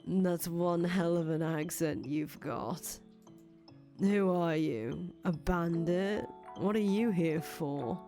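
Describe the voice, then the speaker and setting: A woman's voice: fairly low pitch, slow pace, mellow, faint music behind, pitched below the performer's own voice. A woman voicing a rude, guarded village boy who talks in a curt, mocking drawl, in a fan voice acting of a visual novel. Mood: scornful.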